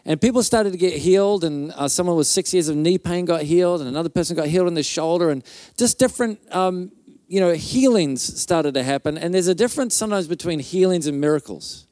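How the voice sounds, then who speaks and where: A man's voice: high-pitched, brisk, dark tone, no echo, clean studio sound. A male pastor telling a healing story in a conference sermon, loose and chatty, with fillers and restarts and little mouth sound effects.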